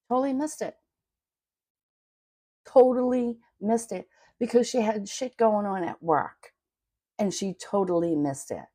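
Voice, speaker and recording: A woman's voice: lowish voice, warm tone, breathy edge, dry recording, studio quality. A middle-aged woman coaching on money in a casual livestream, blunt and chatty with casual swearing.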